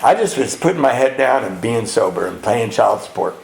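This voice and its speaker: A gravelly, mid-range man speaks briskly as an animated storyteller at a retreat, acting out voices and laughing often. He gives a humorous personal recovery testimony in a meeting hall, recorded with echo and faint background noise.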